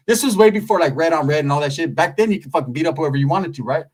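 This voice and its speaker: A man telling a rambling street story in a profane, animated way, tagging his lines with "right?". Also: on the high side, racing, few pauses, rough recording.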